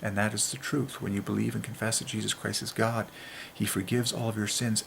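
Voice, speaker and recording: A gravelly-voiced man talks through letter-by-letter word comparisons with mounting excitement. He often sinks into a hushed whisper for emphasis. A faint hiss of noise sits behind him. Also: on the low side, brisk. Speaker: channel host. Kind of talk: religious letter-counting monologue.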